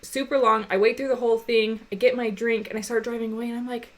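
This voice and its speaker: A young woman co-hosting a podcast, telling a personal story in a casual, animated way, laughing often. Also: fast, few pauses, slight background noise. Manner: animated, laughing, gets high and loud when retelling upset moments. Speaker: podcast co-host.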